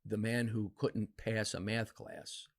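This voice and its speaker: A man in his fifties from New Jersey, a podcast guest telling stories from his life in a casual, animated way. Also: takes it slowly, creaky. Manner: animated, acts out quoted voices with big pitch jumps. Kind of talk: casual storytelling interview.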